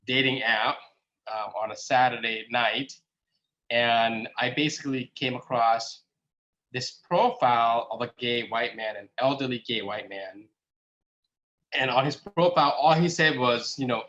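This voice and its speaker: A man recounts his experience in casual spoken talk, leaning on fillers and acting out the conversations he had. His pitch sits in a middle range. The audio is dull and lo-fi. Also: a bit bright. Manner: conversational, many fillers, acts out quoted exchanges. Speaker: speaker, app founder.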